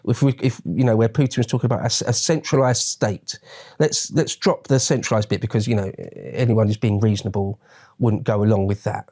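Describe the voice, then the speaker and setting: A man's voice: on the low side, steady tone, a little fast, mellow. Chatty male host asking rambling questions. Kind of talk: casual interview chat.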